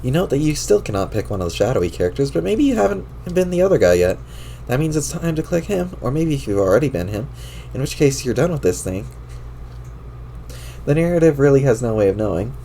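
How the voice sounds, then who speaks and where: A man's voice: medium pitch, very animated, a little fast, dark tone, slight background noise. A man reading a webcomic aloud on a stream, in a wry, amused way with his own asides. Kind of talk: casual read-aloud narration.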